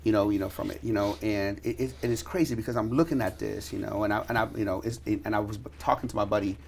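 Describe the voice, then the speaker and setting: A man hosting a casual interview, telling stories excitedly and leaning heavily on filler words. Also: lowish voice, quick pace, creaky, a little hiss or hum. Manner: excitable storyteller, heavy "you know" fillers. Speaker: podcast host.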